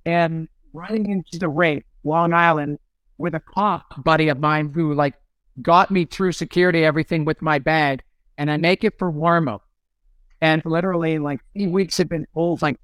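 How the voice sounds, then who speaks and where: A man's voice: a little high, clear, resonant tone, no echo. Ex-goalie guest, a man in his fifties, spinning funny stories with a clean, resonant voice. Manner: lively anecdotes, acts out quoted lines. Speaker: guest, former pro hockey goalie. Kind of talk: casual storytelling on a podcast.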